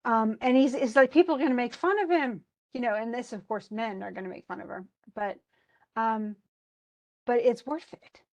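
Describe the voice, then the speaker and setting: A woman's voice: on the high side, normal speed, darkish tone. Chatty woman college English instructor. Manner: chatty, reads story passages aloud between comments; many fillers and restarts. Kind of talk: informal recorded lecture.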